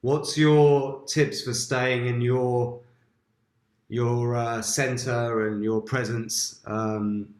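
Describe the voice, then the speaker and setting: A man hosting an interview over a video call, asking slow, searching questions. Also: mid-range voice, level tone, reverberant. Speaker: host.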